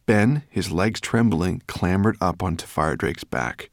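Deep-voiced, expressive male narrator. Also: a little slow, dry recording, studio quality. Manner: expressive, dramatic storytelling. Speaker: audiobook narrator. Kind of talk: scripted narration.

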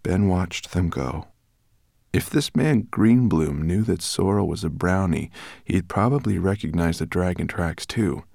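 A man reading an audiobook in a steady, expressive storytelling manner. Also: low voice, creaky, no room sound, clean studio sound. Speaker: audiobook narrator. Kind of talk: audiobook narration.

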